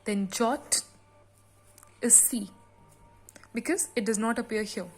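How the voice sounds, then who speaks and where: A woman teacher explaining a sonnet's meter and rhyme scheme in a slow classroom lesson, with frequent pauses and fillers. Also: on the high side, faint music behind. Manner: reads the poem aloud slowly with extra stress. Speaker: literature teacher.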